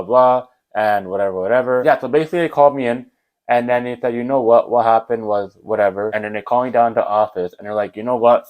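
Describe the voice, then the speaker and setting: A young man, rambling and animated as he tells a casual storytime about school. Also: on the low side, lo-fi sound. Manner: animated, rambling, with fillers like whatever and blah blah. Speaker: vlogger.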